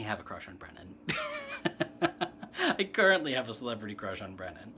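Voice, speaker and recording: A man's voice: on the low side, very animated, a little fast, bright, forceful tone, slight background noise. A man giving a casual, rambling tarot chat, answering comments and laughing often. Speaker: tarot reader and streamer. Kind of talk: casual spiritual chat, reading tarot cards.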